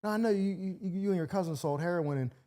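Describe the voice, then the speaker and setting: A man's voice: high voice, fast, mellow. A male comedian and show regular telling a story in casual podcast chat, acting out other people's lines.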